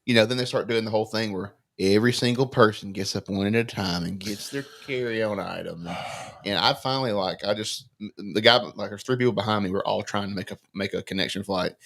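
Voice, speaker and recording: A man, co-hosting a podcast and telling an animated story, acting out the other people's lines. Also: on the low side, a little fast, vocal fry. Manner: animated anecdotal storyteller, acts out dialogue. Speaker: podcast co-host. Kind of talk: casual storytelling chat.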